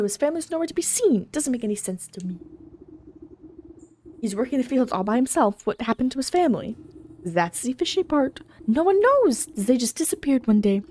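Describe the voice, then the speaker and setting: A chatty, suspicious rival farmer from a cozy game, gossiping quickly about a neighbor , as a woman streamer reads him out. The voice sits a little higher than her usual one, and the lines come out fast and nosy. Faint background noise lingers. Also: warm tone, close to an everyday voice.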